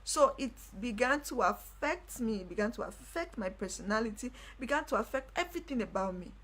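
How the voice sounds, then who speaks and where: Animated, chatty woman on a live stream. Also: a little high, brisk. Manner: animated storytelling, laughs often, repeats phrases. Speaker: livestream host. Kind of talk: casual personal talk to viewers.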